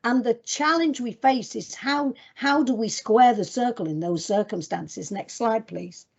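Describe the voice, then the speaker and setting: A woman's voice: a little high, measured pace, gravelly, a little mellow, dull audio. A woman presenting to clinicians in a webinar, talking directly and emphatically as she moves through her slides. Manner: direct, emphatic, addresses audience as guys.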